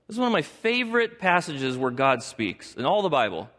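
A man's voice: high-pitched, animated, quick pace, few pauses, a bit bright. A male pastor preaching a sermon, acting out the voices of biblical figures with dramatic shifts. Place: church sanctuary. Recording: long reverb of a large hall.

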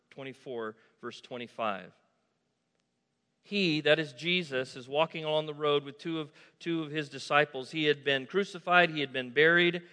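A male pastor preaches to his congregation, pushing them to call answers back to him. His voice is bright and forceful and sits a little high for a man. It rings with the long reverb of a large church hall. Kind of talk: sermon. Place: church sanctuary.

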